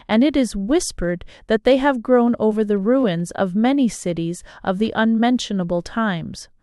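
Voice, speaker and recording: A woman reads a novel aloud at an unhurried, deliberate pace. Her voice is smooth and clear in a mid register, recorded close with almost no room sound. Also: on the high side, darkish tone, no echo. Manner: slow, measured reading. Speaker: audiobook reader. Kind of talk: scripted narration.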